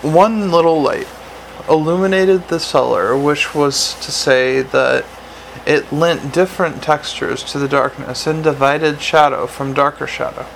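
Male fantasy audiobook reader, gravelly, a touch high, dry delivery. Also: unhurried, fairly bright tone, slight background noise, low-quality recording. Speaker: audiobook narrator. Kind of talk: audiobook reading.

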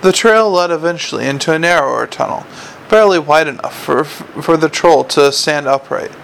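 Guy narrating an audiobook, gravelly, a bit high, steady pace. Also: moderate pace, a little hiss or hum, rough recording.

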